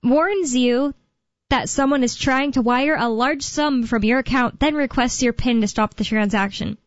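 Chatty higher-voiced woman radio host. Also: moderate pace, dry recording. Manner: chatty, rambling, laughs often. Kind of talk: casual talk radio chat. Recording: dull lo-fi radio sound.

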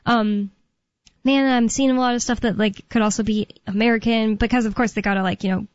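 Casting: chatty radio co-host woman, higher voice, dry muffled studio sound. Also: fairly even intonation, dry recording. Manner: giggly, chatty, reads news aloud haltingly. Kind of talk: casual on-air chat.

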